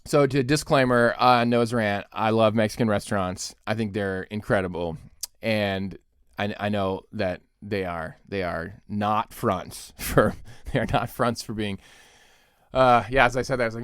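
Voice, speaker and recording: Animated joking man with a smooth voice. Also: mid-range voice, normal speed, no room sound, clean studio sound. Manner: animated, joking, laughs often. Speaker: podcast host and pastor. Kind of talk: comic podcast rant.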